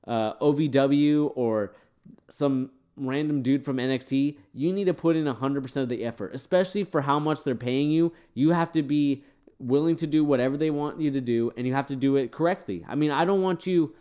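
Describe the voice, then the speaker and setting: A man's voice: medium pitch, brisk, warm tone, smooth. Tired, opinionated man reviewing wrestling. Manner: opinionated and rambling, with frequent fillers. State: tired, yawning. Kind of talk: casual opinion commentary.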